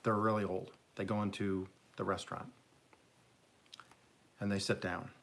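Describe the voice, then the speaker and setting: A man's voice: low-pitched, flat delivery, moderate pace, vocal fry, fairly bright tone. A man hosting a live stream, casually telling jokes as a rambling, chuckling storyteller. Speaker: livestream host.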